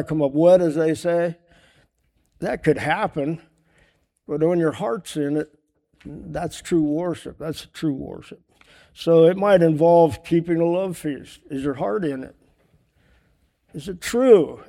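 A man's voice: on the high side, mellow. Earnest male preacher asking rhetorical questions. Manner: writes on a board while teaching. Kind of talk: sermon.

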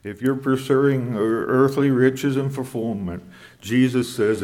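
A man preaching a sermon in a measured way, quoting scripture in old English. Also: medium pitch, a little mellow, in a large hall.

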